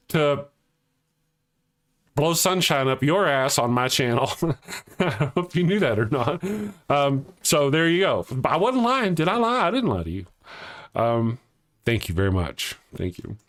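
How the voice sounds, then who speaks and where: A man's voice: fairly high pitch, a bit bright. A man hosting a casual live-stream show, rambling and joking, laughing often at his own jokes and teasing viewers as he reads their comments. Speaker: livestream host.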